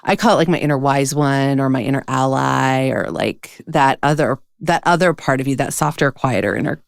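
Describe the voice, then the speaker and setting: A woman's voice: extremely low pitch, moderate pace, creaky, no room sound, clean studio sound. A woman hosting a podcast who thoughtfully asks her guest follow-up questions. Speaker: podcast host. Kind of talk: conversational interview.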